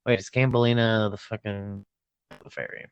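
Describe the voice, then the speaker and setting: A man's voice: on the low side, vocal fry, smooth, dry recording, dull audio. A man co-hosting a podcast, chatting casually and joking at his own confusion. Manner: slow, self-deprecating, laughing. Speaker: podcast co-host. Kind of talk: casual chat.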